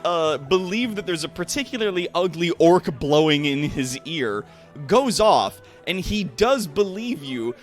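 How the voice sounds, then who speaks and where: Lively man narrating as game master. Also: on the high side, unhurried, faint music behind. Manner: rambling narration, many fillers and restarts, laughs often.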